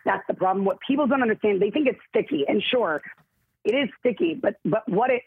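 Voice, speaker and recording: A woman actress in a casual interview, telling stories in a rambling, self-interrupting, animated way with a husky voice. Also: medium pitch, fairly quick. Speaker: actress guest. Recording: tinny phone-like line, dry.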